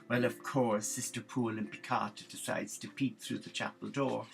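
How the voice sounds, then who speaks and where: A man telling a comic story in a gossipy, animated way. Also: mid-range voice, moderate pace, vocal fry, faint music behind, rough recording.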